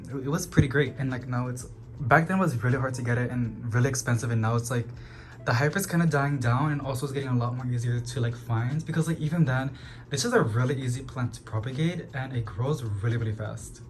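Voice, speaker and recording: A man hosting a casual houseplant tour of his apartment, chatting quickly and calling his plants "girly" as he walks through the rooms. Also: medium pitch, slight background noise. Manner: chatty, talks fast, calls plants "girly". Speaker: plant channel host. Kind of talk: casual home tour vlog.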